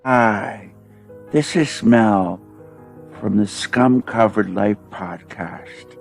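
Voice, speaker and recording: A man putting on the voice of a mush-mouthed woman podcaster who keeps shushing her guests, in a slow, mocking caricature. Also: on the low side, creaky. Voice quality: mushy, lisping delivery with repeated shushing.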